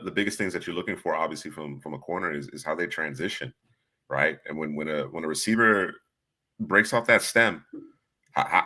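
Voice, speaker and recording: A man's voice: deep voice, sharp tone. A man co-hosting a football podcast, talking in a laid-back, casual way with stammered starts. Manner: laid-back, stammering, asks you know what I'm saying. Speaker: podcast co-host. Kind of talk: casual football scouting talk.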